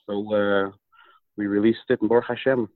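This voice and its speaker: A man with a lowish voice speaks over a tinny, dry phone line. He is from Minnesota and talks about his music as a guest, hesitant, full of "uh" pauses. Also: level tone, dry recording. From Minnesota, USA. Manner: halting, with many "uh" pauses. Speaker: singer, interview guest. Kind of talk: casual phone interview.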